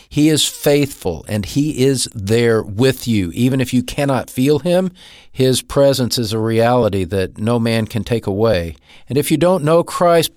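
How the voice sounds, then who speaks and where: A man giving gentle pastoral encouragement, speaking directly to the listener as a radio ministry host. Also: medium pitch, dry recording, studio quality. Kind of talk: pastoral exhortation.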